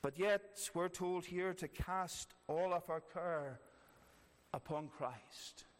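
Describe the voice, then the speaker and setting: A man's voice: sits high, takes it slowly. A man preaching a sermon earnestly, repeating key phrases for emphasis. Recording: long reverb of a large hall.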